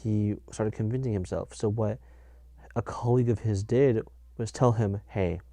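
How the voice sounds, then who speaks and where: A man's voice: lowish voice, steady tone, moderate pace, mellow, no room sound. A young man hosting a casual solo podcast, rambling and correcting himself as he talks. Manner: rambling, self-correcting, laughs at his own jokes. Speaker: podcast host.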